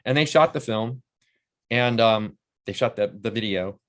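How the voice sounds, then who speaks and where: A man's voice: mid-range voice, unhurried. A man in his sixties, an actor and playwright, telling stories in a casual interview and acting out the voices of the people he quotes. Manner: animated storyteller who acts out quoted voices.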